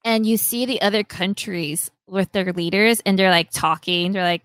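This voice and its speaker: A woman co-hosting a casual podcast chat, recounting events with lively energy. Her voice is smooth and clear and sits at an ordinary middle pitch. The sound is close and dry. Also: normal speed, no echo. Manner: animated storyteller, acts out quoted lines.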